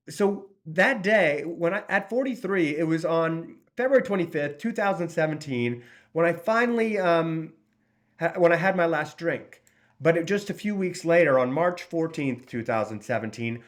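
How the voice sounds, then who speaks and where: A man's voice: a little high, animated, moderate pace. A man in his forties talking straight to the camera in a slightly raised voice. He is blunt and swears freely, often stopping to restart a sentence as he speaks as a recovery coach. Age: 40s. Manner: blunt and profane, with many restarts. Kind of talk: casual direct-to-camera talk.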